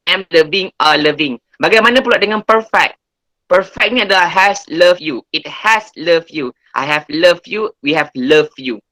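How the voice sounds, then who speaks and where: A man's voice: high-pitched, pushed and bright, rough recording. A male English teacher with a Malaysian accent, explaining grammar in an online class and often checking that students follow. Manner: explanatory, code-switching, checks understanding.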